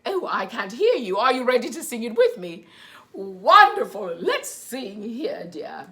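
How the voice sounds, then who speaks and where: A woman's voice: a little high, big pitch swings, a little slow, pushed and bright. A woman reading a picture book and singing for young children at home, in an exaggerated sing-song manner with fussy asides. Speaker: children's storyteller. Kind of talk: children's storytime with songs.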